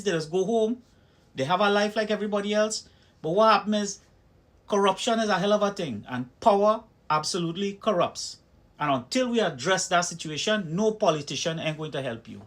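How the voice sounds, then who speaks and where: A Trinidadian man with a slightly raised pitch tells personal stories straight to camera. He speaks emphatically, his delivery punchy and forceful as he builds his points. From Trinidad and Tobago. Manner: emphatic storytelling, acting out heated exchanges. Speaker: video commentator. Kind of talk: personal opinion vlog.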